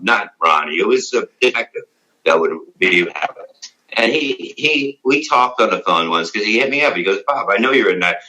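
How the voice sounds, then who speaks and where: A middle-aged man tells long stories in an interview. His voice is very low but bright and forceful. He is blunt, swears freely, and rambles with many "you know"s. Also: poor audio. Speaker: comedian guest. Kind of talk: casual interview storytelling.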